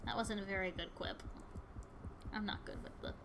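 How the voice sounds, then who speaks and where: A woman giving chatty, excitable commentary while playing a video game, yelping at what happens on screen. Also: medium pitch, moderate pace, noisy background. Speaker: gaming video host. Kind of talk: casual gameplay commentary.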